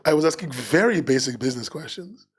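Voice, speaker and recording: A man chatting casually as a podcast co-host on a livestream, at a middle pitch. He rambles, restarts his sentences and leans on fillers as he thinks aloud. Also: expressive, fast talker, breathy edge.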